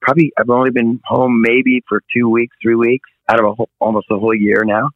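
Animated middle-aged male storyteller, muffled sound. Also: medium pitch, fairly quick, no echo. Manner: animated storyteller, acts out voices. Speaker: touring rock singer, guest. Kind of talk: casual interview chat.

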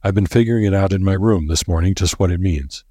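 A man voicing a grim, solemn old professor with a deliberate way of speaking, in a read-aloud story. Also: low voice, mellow, slightly rough, dry recording, studio quality.

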